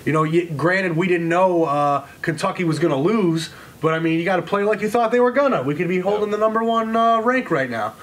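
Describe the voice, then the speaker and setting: A man's voice: high-pitched, fairly quick, hardly any pauses, a bit bright. A man co-hosting a casual sports debate, conversational and wry, acting out other people's reactions as he talks. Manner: conversational, wry, acts out quotes. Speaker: sports debate show co-host.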